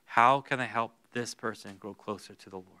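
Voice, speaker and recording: Guy pastor preaching in church, bright crisp voice, goes quiet then loud. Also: steady tone. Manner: swings between hushed, slow words and loud, high bursts. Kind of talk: sermon. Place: church sanctuary.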